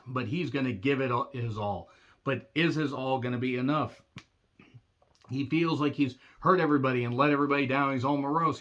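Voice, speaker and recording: A man giving a casual recap of a wrestling show, sarcastic and blunt, often clearing his throat. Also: mid-range voice, bright, forceful tone, muffled recording.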